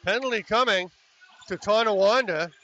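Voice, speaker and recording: A man calling a lacrosse game as play-by-play commentator, chatty and excitable on goals, with apologetic asides between plays. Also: high-pitched, normal speed. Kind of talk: sports commentary. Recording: slightly dull lo-fi broadcast with faint noise.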